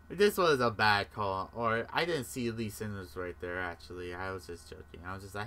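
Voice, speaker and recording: A young man with a very bright, sharp tone talks through his gameplay in a loose, rambling way. He jokes as he goes, swears freely and quotes his own in-game reactions. He sounds like he is at a desktop mic in a room at home. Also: lowish voice, normal speed, hardly any pauses. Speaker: gaming commentator. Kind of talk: casual gameplay commentary.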